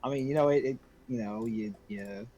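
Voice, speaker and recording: A player in an online tabletop game who talks in a halting, stammering way. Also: medium pitch, warm tone, breathy edge, low-quality recording. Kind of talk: casual chat in a tabletop game.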